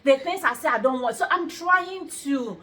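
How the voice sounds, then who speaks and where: Animated, storytelling middle-aged woman. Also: sits high, moderate pace, slight background noise. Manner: animated storytelling, quoting others, exclamations. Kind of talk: casual chat.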